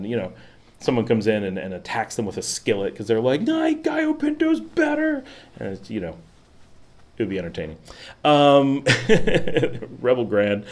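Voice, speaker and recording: A man's voice: fairly low pitch, a little mellow. A man hosting his own livestream, chatting casually and rambling, with many fillers and little laughs. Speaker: vlog host. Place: at home in the city.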